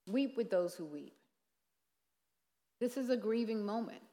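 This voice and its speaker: A woman's voice: fairly high pitch, animated, a little slow, mellow. Earnest woman preaching in a reverberant hall. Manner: earnest, conversational, with rhetorical asides. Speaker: minister teaching on grief ministry. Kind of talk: sermon-style teaching. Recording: long reverb of a large hall.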